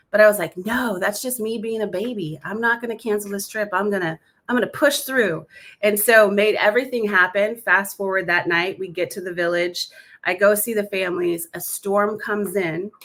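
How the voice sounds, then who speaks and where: Woman guest on a podcast telling her story, animated, quick, does the voices. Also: medium pitch. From Alaska. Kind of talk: storytelling testimony.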